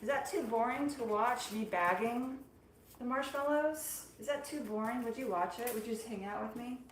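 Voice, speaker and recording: A woman's voice: fairly high pitch, normal speed, slight background noise. Chatty woman live-streaming from an echoey studio. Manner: chatty and playful, often laughing. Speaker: marshmallow maker hosting a live stream. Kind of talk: casual live-stream chat with viewers. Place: small home studio kitchen. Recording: echoey room.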